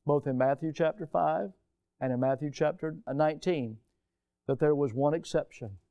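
A man preaching a sermon, emphatic, asking his listeners questions and answering them himself, swinging between loud stressed lines and low quiet ones. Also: clear, resonant tone. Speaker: preacher and teacher.

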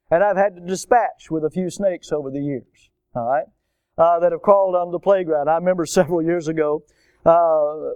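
A middle-aged man, preaching a storytelling sermon and acting out voices and shouts from his tales. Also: high-pitched, smooth, dry recording. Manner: animated, acts out voices and shouts in stories. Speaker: preacher at a school chapel.

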